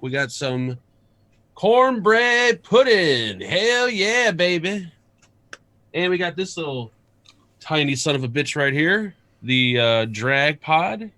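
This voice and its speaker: A man's voice: a little high, bright, forceful tone, dry recording. A man co-hosting a casual live stream, rambling and cursing as he searches for words. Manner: rambling, profane, hunts for words. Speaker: show co-host.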